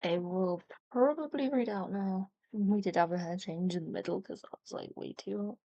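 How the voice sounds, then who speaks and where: A woman streamer reacting to a game showcase in casual, excitable chat. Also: medium pitch, normal speed, no echo, lo-fi sound.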